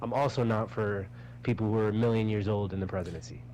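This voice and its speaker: A man's voice: on the low side, steady tone, fast talker, darkish tone, a little hiss or hum, low-quality recording. A man chatting casually while gaming, rambling offhand and laughing at the jokes. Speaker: gamer.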